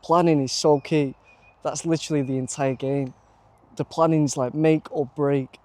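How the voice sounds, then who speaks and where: A young man with a Lancashire accent, vlogging to camera on a handheld camera, chatty and excitable and calling the viewer mate. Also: fairly high pitch, moderate pace. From North West England. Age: young adult. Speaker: vlogger pitching to bars. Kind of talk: casual vlog to camera.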